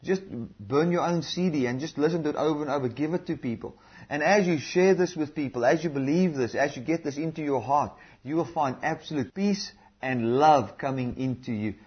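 A man's voice: a little high, brisk, breathy edge, highs cut off. A man preaching a sermon in an earnest, repetitive way, calling out hallelujahs.

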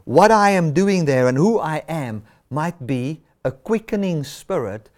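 Emphatic preacher, animated pitch. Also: male voice, measured pace. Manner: emphatic, repeats key words for stress. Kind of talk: sermon.

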